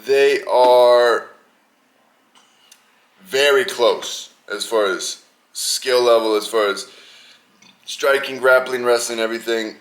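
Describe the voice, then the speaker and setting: A young man hosting a podcast, talking casually and rambling in an animated, slangy way about an upcoming fight card. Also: mid-range voice, slow pace, pauses often, a little hiss or hum. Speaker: podcast host. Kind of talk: casual sports chat.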